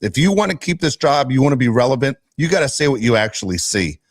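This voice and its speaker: A man's voice: mid-range voice, sing-song, fast, no echo. Male podcast co-host, exasperated rant, dry close sound. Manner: loud, exasperated ranting. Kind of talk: casual sports podcast rant.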